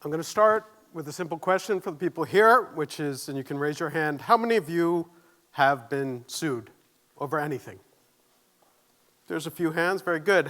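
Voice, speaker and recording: Guy doing a keynote, kinda high voice, nervous, earnest, pokes fun at himself. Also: lively intonation, normal speed, fairly bright tone. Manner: earnest, self-deprecating, audience questions. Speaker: keynote speaker. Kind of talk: conference keynote talk. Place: conference stage.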